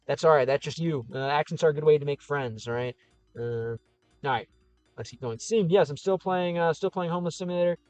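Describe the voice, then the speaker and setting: Upbeat Midwestern man, smooth voice. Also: on the high side, a little fast, a little mellow, dry recording, soft background music. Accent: Chicago, American Midwest. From American Midwest. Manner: rambling, upbeat and encouraging, many fillers. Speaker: livestream host reading comments. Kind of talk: casual livestream chat.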